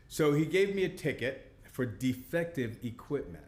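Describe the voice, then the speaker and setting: A man's voice: medium pitch, sing-song, moderate pace, few pauses. Laughing man telling a story, roomy. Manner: playful storyteller, laughs often. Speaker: fiddler and performer. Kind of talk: storytelling between tunes at a live session. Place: small historic listening room. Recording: roomy live room with faint noise.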